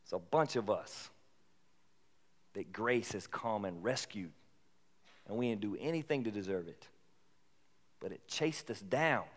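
A man preaching a sermon in a casual, conversational way that rises into animated bursts. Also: on the low side, a little slow, long pauses. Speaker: pastor. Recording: long hall reverb.

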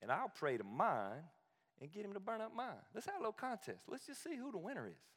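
A swaggering male prophet with a Southern drawl, taunting his rivals in a voice pitched well above the performer's own as a preacher puts him on. The sound rings with the long reverb of a large hall. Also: wildly swooping pitch, fast talker, fairly bright tone, exaggerated voice. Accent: American Southern. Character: cocky trash-talking adult male prophet.

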